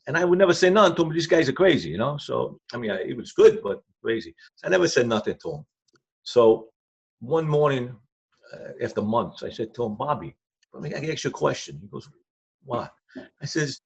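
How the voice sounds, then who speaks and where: Gravelly older man spinning rambling stories. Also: mid-range voice, sing-song, quick pace. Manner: rambling, repetitive, blunt street grammar. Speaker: former crime crew associate, guest. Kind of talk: casual anecdotal storytelling. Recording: dull lo-fi sound.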